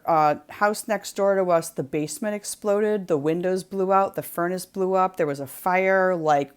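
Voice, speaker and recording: A woman's voice: deep voice, clear, resonant tone. A woman from New England hosting a craft livestream from her home, telling a story in a rambling, chatty way full of ums and likes. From New England, USA. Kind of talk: casual chat storytelling. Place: home, near the kitchen.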